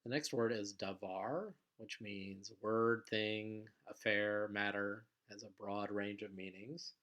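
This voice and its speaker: A man teaching a recorded vocabulary lesson in a patient, explanatory way, with frequent pauses and fillers. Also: fairly low pitch, steady tone, a bit bright.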